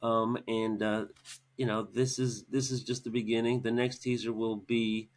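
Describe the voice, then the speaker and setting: Man, podcast guest, casual, hesitant, filler words, lowish voice. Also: level tone, moderate pace. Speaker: podcast guest, comic artist. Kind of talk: casual chat.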